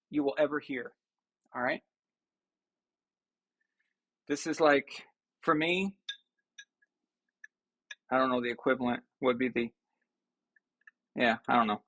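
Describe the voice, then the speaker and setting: A man's voice: medium pitch, fairly bright tone. A man hosting a sports live stream, chatting casually and ranting with mock outrage to his viewers.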